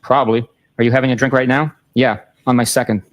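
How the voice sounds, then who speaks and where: A man in a courtroom reading text messages aloud in a flat, matter-of-fact way, timestamps included, into a courtroom microphone. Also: medium pitch, quick pace.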